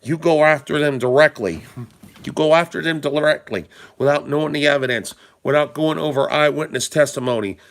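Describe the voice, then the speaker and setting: In casual, rambling commentary, a male political vlogger talks straight to his audience, pressing them with emphatic rhetorical questions in an informal way. His voice is on the high side and fairly quick.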